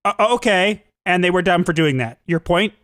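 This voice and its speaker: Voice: mid-range voice, lively intonation, moderate pace, fairly bright tone, no room sound. A host giving sarcastic reaction commentary, full of mocking asides.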